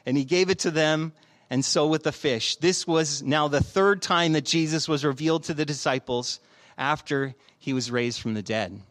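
A man's voice: on the high side, a bit bright. A man in his thirties preaching a sermon, reading scripture and telling stories in a conversational way, often asking questions. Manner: conversational, storytelling with rhetorical questions. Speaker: pastor.

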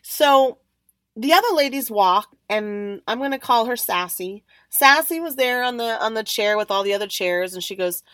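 A woman hosting a podcast, telling a story in an animated way and acting out the other people's lines. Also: a little high, moderate pace, no room sound. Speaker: podcast host. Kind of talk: storytelling monologue.

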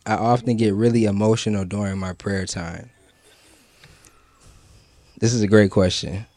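A man's voice: lowish voice, moderate pace, dry recording. Slangy man in dry, close sound. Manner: relaxed, slangy, conversational. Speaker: podcast co-host. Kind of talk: casual chat about prayer.

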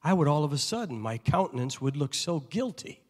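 A middle-aged pastor from Chicago preaches in a slightly high voice. His words ring out with long reverb through a big church hall. He tells stories, acts out the dialogue and swings from loud bursts to near hushes. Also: big pitch swings, a little fast, husky. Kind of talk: sermon.

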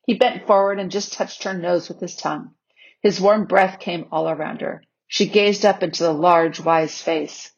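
Female audiobook reader, gentle measured narration, husky, lo-fi. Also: fairly low pitch, fairly even intonation. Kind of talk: storybook narration. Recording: slightly dull lo-fi recording.

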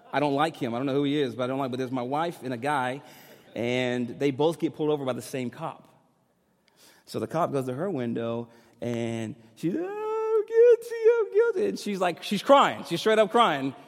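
A male pastor delivering a sermon, moving between loud, urgent preaching and relaxed, joking storytelling. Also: medium pitch. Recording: long hall reverb.

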